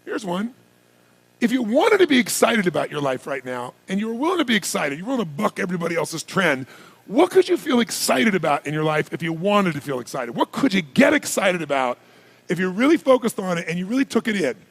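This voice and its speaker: A motivational speaker with a high-pitched, creaky, husky voice addresses a large live audience from a stage, talking a little fast. Full of energy, he throws out rhetorical questions and occasionally shouts to stir the crowd.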